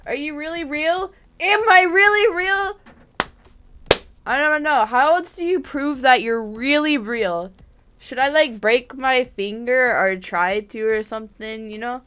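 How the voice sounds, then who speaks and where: A woman livestreaming a game, chatting to friends in the game in an excitable, giggly way, often shouting their names and apologizing. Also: on the high side, unhurried, slight background noise. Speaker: gaming livestreamer. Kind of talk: live gameplay chatter.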